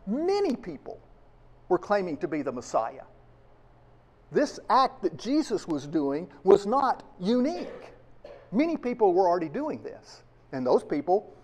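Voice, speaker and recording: A man's voice: high voice, darkish tone. A man preaching a sermon to his congregation, emphatic and full of rhetorical questions. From United States. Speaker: pastor.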